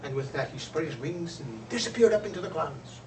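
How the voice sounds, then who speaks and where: Expressive male storyteller in a roomy space. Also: fairly high pitch, brisk, background noise. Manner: expressive, lively voices for characters. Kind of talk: oral storytelling. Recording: roomy, distant, faint ambience.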